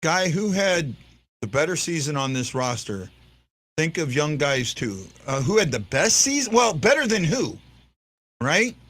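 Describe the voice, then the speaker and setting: A man's voice: on the high side, very animated, unhurried, fairly bright tone. A man hosting a fan show, talking casually and rambling, repeating himself and teasing his viewers as he reacts to a game. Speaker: fan podcast host. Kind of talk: casual live-stream commentary.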